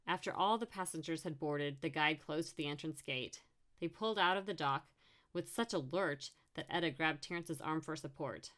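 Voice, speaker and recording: Audiobook narrator, woman, low register, reads the characters with small voice shifts. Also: normal speed, fairly bright tone.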